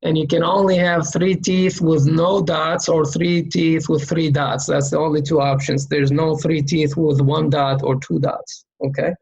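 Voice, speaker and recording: Slow, gravelly-voiced male teacher. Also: a little high, little pitch movement, a little mellow, muffled recording. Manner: patient, explains slowly and checks in with "okay?"; demonstrates sounds by repeating them. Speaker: Quran reading teacher. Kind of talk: step-by-step lesson explaining letter shapes and sounds.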